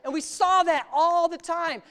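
A male pastor preaching an animated sermon, exclaiming often and laughing through his stories. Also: extremely high pitch, a little slow.

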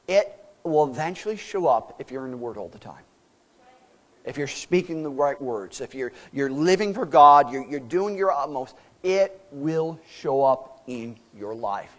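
A man preaching a sermon as pastor, emphatic and folksy, asking his listeners questions. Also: fairly high pitch.

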